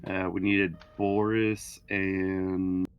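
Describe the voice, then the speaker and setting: A man running a tabletop game as game master, talking in a relaxed, halting way with fillers. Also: deep voice, clean tone, soft background music. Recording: muffled lo-fi recording.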